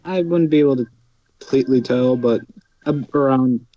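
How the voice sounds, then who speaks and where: A man playing in a tabletop game, chatting in a loud, offhand way. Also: medium pitch, moderate pace, no room sound. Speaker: player. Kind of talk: casual chat. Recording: muffled line with loud background noise.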